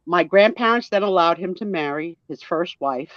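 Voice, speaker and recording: Jersey accent woman in her 60s, lively storyteller doing little impressions, dry muffled sound. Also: fairly low pitch, moderate pace, no echo. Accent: New Jersey. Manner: animated storyteller, mimics voices and accents. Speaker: guest storyteller. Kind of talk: casual chat. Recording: muffled lo-fi audio.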